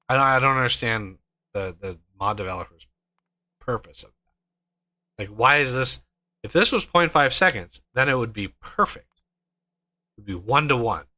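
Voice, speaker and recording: Clean studio sound with no echo carries a man's mid-range, sharp-toned voice as he streams a game. This gaming streamer gives casual commentary, muttering exasperatedly to himself while he builds and plans a factory.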